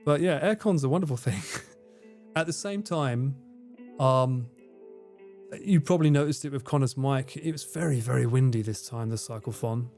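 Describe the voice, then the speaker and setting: A man's voice: mid-range voice, moderate pace, a little mellow, faint music behind. A man in his forties with a British accent, casually reading and answering viewer comments on a livestream, swearing freely and laughing often. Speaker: livestream host. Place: room at home with air conditioning running.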